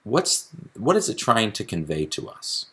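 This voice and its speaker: A man's voice: lowish voice, wildly swooping pitch, unhurried, pushed and bright, breathy edge. A man teaching a recorded lesson on poetry, explaining step by step and often restarting his sentences. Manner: explanatory, with frequent restarts and fillers.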